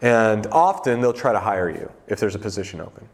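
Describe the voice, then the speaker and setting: A man's voice: lowish voice, lively intonation, fairly quick. A young man preaching in a loose, conversational way, joking and talking around the text with plenty of fillers. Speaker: pastor. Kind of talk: casual conversational sermon.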